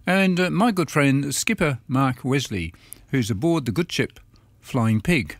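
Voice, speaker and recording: A man's voice: medium pitch, expressive, unhurried, dry recording. A man co-presenting community radio, jovial and playful in casual chat. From Australia.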